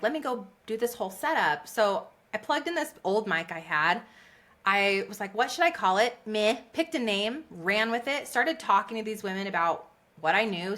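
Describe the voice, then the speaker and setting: A woman guest on a podcast, a business coach, telling her story in a lively conversational way and acting out what people said. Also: medium pitch. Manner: animated, laughs often, acts out quotes.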